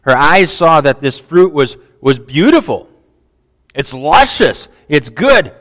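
A man preaching a sermon in animated style, often repeating words and asking the listeners questions. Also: on the high side, slow pace. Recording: long hall reverb.

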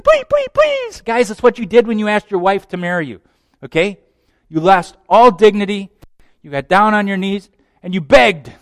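A man preaching a sermon, swinging from hushed, low passages to loud, urgent ones. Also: no room sound, clean studio sound. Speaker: pastor.

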